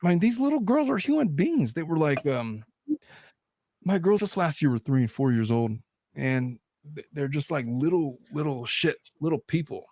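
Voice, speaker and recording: A man in his thirties hosting a casual podcast chat, blunt and animated, swearing freely. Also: a little high, moderate pace, no echo. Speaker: lawyer and channel host.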